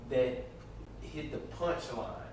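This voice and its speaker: A man co-hosting a podcast in casual chat, getting loud and excited when he argues a point. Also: mid-range voice, slow pace. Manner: animated, gets loud and excited when arguing. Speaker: podcast co-host. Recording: echoey room, mic far off, faint noise.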